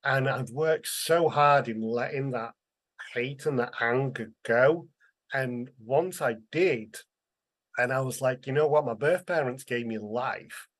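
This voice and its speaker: A man's voice: medium pitch, slow, a bit bright. Earnest man. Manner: earnest, emotional, acts out quoted voices. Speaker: interview guest, author. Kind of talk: candid conversational storytelling.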